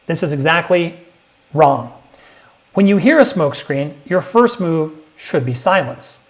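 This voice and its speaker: A man teaching sales technique to camera, emphatic and punchy, now and then acting out prospects in a higher voice. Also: big pitch swings, unhurried. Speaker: sales coach. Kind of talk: direct-to-camera sales lesson.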